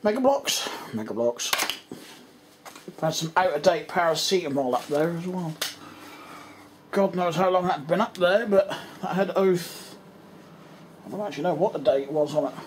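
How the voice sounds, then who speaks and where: An English man with a slightly high voice, chatting away to himself as he sorts through his bedroom. He rambles loosely and drops sentences halfway. There is a faint hum of room ambience behind him. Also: normal speed. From England. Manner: rambling, muttering to himself, trailing off mid-thought. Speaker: vlogger. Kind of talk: casual running commentary while tidying.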